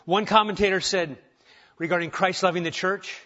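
A man's voice: high-pitched, fairly even intonation, normal speed. Give me a male pastor preaching a conversational, humorous sermon, with a dull lo-fi sound. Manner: conversational, self-deprecating humor, swings from quiet to emphatic. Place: church sanctuary.

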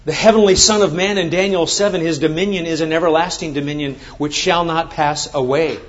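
A man's voice: a little high, fairly even intonation, fairly quick. A man preaching a sermon, reading scripture and then explaining it with emphatic, rising exclamations. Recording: dull lo-fi sound.

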